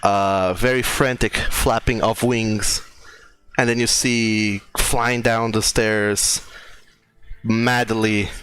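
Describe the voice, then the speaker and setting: A man narrating scenes as game master, relaxed and laughing easily. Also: fairly low pitch, smooth.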